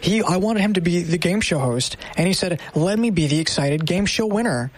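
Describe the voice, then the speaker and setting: Young male radio producer, chatty and upbeat, light higher voice. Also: animated, a little fast, no room sound. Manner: upbeat, self-deprecating, chatty. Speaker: military radio producer and voice actor. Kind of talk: casual chat.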